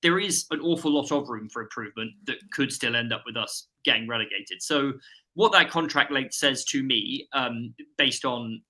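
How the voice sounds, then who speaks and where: Man, panelist, very bright tone, articulate, analytical, long reasoned points. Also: mid-range voice. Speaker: podcast panelist. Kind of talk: live-stream football analysis.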